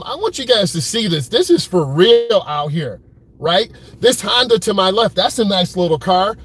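A man talks to his viewers from behind the wheel in an easygoing live-stream chat. His voice sits fairly high, and his manner stays relaxed, direct and conversational. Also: moderate pace, slightly rough, no echo. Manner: laid-back, talks straight to viewers, repeats "keeping it real". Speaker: driving vlogger. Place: in a car at an airport pickup lane.

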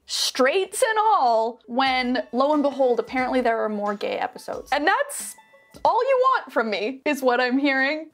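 A young adult woman hosting a casual reaction vlog to camera, bubbly and self-teasing, tossing in quick asides and laughs. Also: high-pitched. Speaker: YouTube reaction host.

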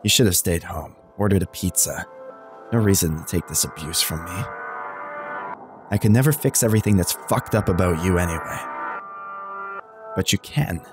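A cold, cruel mysterious date read by a man in a very deep, slow and somber voice. Clear music plays under every line. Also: lightly acted. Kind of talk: reading game dialogue aloud.

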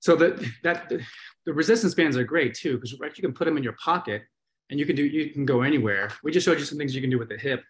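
A man's voice: mid-range voice, quick pace, fairly bright tone. A man hosting a live webinar, coaching hip exercises in an encouraging, easygoing way. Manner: encouraging, easygoing, repeats cues.

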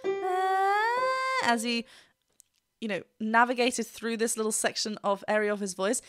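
A woman's voice: on the high side, fairly even intonation, moderate pace, over music. Enthusiastic woman vocal coach, song playing behind. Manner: enthusiastic, gushing, technical, hums along. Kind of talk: reaction commentary with vocal analysis. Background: the song she is reacting to plays behind her.

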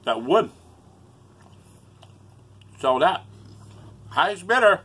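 A man's voice: sits high, very animated, extremely slow, pushed and bright, husky. A man rambling emotionally in a solo vlog, swearing often and close to tears. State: upset, near tears. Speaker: YouTuber.

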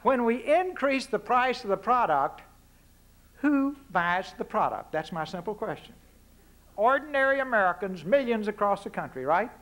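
A man's voice: high voice, animated, normal speed, fairly bright tone. A man with a Texas accent speaking before an audience at a forum, giving a folksy political speech full of punchy rhetorical questions and asides. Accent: Texan. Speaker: guest speaker.

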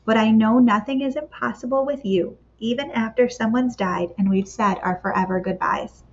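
A woman's voice: fairly high pitch, moderate pace, a little hiss or hum, close to an everyday voice. A woman voicing Martha as a grieving but faithful woman in a children's storybook reading, in an earnest, pleading manner. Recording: slightly dull lo-fi recording.

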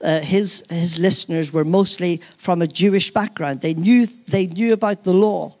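Earnest male preacher, halting and emphatic. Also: sits high, darkish tone. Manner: earnest, emphatic, repeats key phrases for weight; halting with frequent restarts. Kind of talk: sermon.

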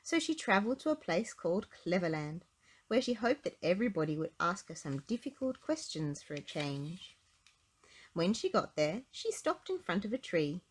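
A woman narrating a children's storybook with an expressive, sing-song delivery. Her pitch rolls up and down lively at a middle register. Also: normal speed, husky. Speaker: storybook reader. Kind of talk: children's read-aloud narration.

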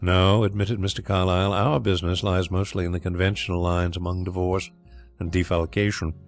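A man voicing a proud, brisk former solicitor who talks bluntly and bristles quickly. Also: low-pitched, flat delivery, faint music behind.

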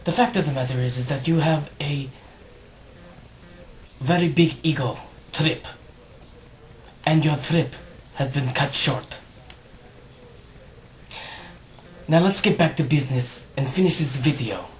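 A man's voice: fairly high pitch, a little slow, long pauses, lightly acted. A man voicing a self-important fairy godmother woman who scolds in a formal tone. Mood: commanding.

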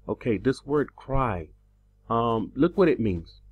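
A man delivering a teaching sermon, slow and emphatic, his pitch rising on the words he stresses. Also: sing-song, husky, phone-quality sound. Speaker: preacher.

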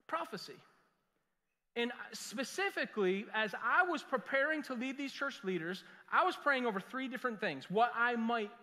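A middle-aged man preaching a sermon as pastor, telling jokey stories and breaking into quick put-on voices for the people he quotes. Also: very high voice, pushed and bright. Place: church sanctuary. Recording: reverberant church sanctuary.

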